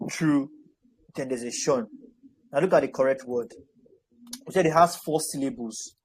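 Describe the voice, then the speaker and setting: A man's voice: mid-range voice, slight background noise, rough recording. Patient, encouraging male tutor. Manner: patient, encouraging, slow syllable-by-syllable. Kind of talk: online spelling and pronunciation lesson.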